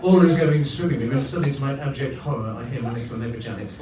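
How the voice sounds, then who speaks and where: A man's voice: mid-range voice, fast talker, recorded from a distance, a crowd in the background. A man doing a stand-up comedy routine in a pompous mock-posh manner, on a comedy club stage. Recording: roomy live venue from afar with audience noise.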